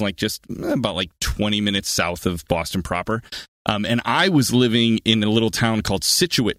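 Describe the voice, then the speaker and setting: A man being interviewed as an actor guest, talking in an animated way with frequent restarts and easy laughter. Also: on the low side, no room sound, studio quality. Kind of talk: casual interview answers.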